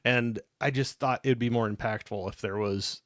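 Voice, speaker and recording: A man's voice: medium pitch, steady tone, moderate pace, a bit bright. A man co-hosting a casual live discussion, thinking aloud and hesitant, asking questions. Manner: thoughtful, hesitant, asks questions. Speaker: podcast co-host.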